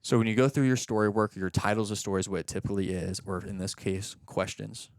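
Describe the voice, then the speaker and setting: A man's voice: fairly low pitch, quick pace, smooth, dry recording, studio quality. A man who is a father of young children, coaching a client and explaining each step patiently on a podcast. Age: young adult or middle-aged, a father of young kids. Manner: explaining in a steady teaching way, often acting out example questions. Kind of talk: coaching session chat.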